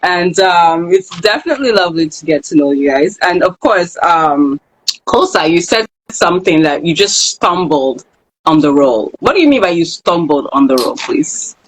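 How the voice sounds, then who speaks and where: An enthusiastic host runs a live online chat, exclaiming and reading viewer comments aloud. The voice sits in a middle register. The manner is lively and encouraging. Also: medium pitch, normal speed, rough recording. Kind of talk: casual live-stream chat.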